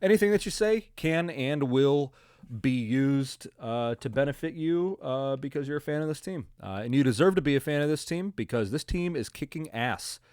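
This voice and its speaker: A man's voice: medium pitch, lively intonation, moderate pace, a little mellow, clean tone, no echo, studio quality. Profane, rambling male podcast host. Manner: profane, rambling, joking, with frequent laughs and fillers. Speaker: podcast host recapping football games. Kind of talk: casual solo recap commentary.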